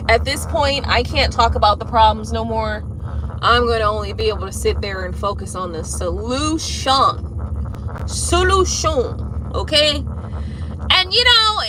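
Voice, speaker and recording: A woman chatting casually and venting in a car, profane and animated, with frequent laughs. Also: on the high side, background noise. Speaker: tarot reader vlogger. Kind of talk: casual venting chat while driving.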